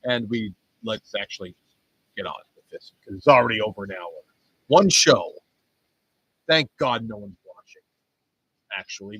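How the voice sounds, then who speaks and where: A man's voice: lowish voice, pushed and bright, slightly rough, low-quality recording. A man streaming, reading wrestling results in a rambling, swearing, self-mocking way. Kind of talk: casual profane commentary.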